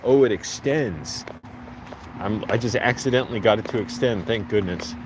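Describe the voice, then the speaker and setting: A man with a lowish voice rambles to the camera as he strolls along outdoor streets. Passing traffic and street noise come through clearly behind him on this handheld walking vlog. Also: normal speed. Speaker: vlogger.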